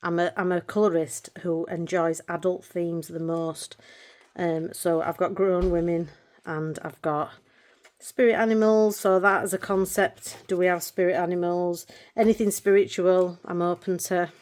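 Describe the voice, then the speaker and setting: A woman's voice: fairly low pitch, steady tone, measured pace, darkish tone. A middle-aged woman chatting casually about her colouring books. She gets emotional easily and laughs a lot. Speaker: colouring channel vlogger. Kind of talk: casual chat showing books.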